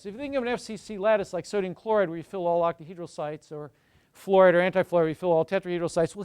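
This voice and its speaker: A middle-aged man lectures on chemistry with real enthusiasm, talking straight to the room and slipping into stories. His voice sits high for a man and comes through smooth and resonant. The sound is close and dry, with little echo. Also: darkish tone. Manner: enthusiastic, storytelling, addresses the audience directly. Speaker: chemistry professor giving a seminar. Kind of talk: university lecture.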